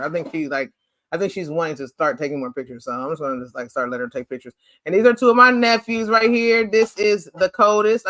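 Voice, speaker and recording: A man hosting a casual chat over family photos, animated and playful, rambling with lots of "like". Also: high voice, dry recording. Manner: rambling, chatty, heavy use of "like". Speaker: host.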